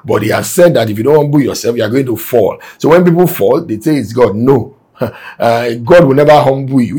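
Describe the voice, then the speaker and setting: A man's voice: mid-range voice, slightly rough. A man preaching a sermon to remote listeners, reading scripture aloud and explaining it, with emphatic exhortation. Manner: emphatic, rising to forceful exhortation. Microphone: broadcast to remote listeners.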